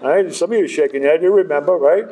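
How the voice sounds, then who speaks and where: A man's voice: on the high side, very fast, dark tone. A middle-aged man sharing his recovery story with a live audience, conversational and self-deprecating.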